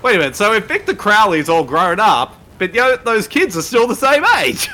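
A man co-hosting a casual movie podcast, jokey and quick to laugh. His voice is bright and lively in pitch, moving up and down a lot. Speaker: podcast co-host.

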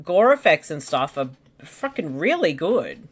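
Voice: medium pitch, sing-song, unhurried, husky. A co-host in a casual movie commentary, teasing and swearing casually. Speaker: podcast co-host.

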